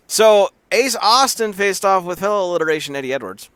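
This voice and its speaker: A man's voice: sits high, animated, a little fast, few pauses, fairly bright tone, smooth, no echo. A man co-hosting a casual wrestling podcast, cracking profane jokes and acting out quotes in silly voices. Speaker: podcast co-host.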